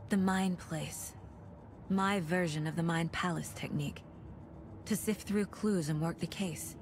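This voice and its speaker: An actress playing a calm, methodical female FBI agent in a game, speaking directly. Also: low voice, creaky, background noise. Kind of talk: game dialogue and inner monologue.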